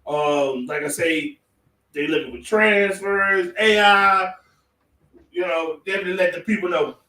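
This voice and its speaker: A man hosting with a fairly high voice. He talks in a loose, halting, slangy way. He sounds off-mic in an echoey room. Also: sharp tone, distant mic. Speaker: host. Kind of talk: casual chat.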